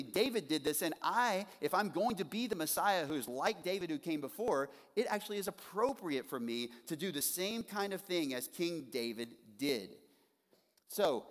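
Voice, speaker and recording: A man preaching an expository sermon in an earnest way, slowing down and repeating his key phrases. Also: fairly high pitch, in a large hall. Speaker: pastor.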